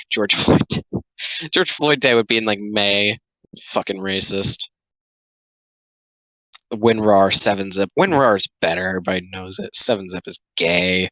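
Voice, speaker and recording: A young man giving sarcastic, rambling reaction commentary, full of filler words and quick asides. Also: on the low side, sharp tone, no echo, low-quality recording.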